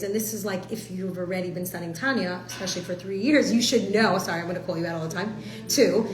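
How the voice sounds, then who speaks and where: A woman, teaching a casual class in a chatty, animated way, full of fillers and acted-out quotes. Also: mid-range voice, reverberant, a little hiss or hum, low-quality recording. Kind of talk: casual spoken lesson.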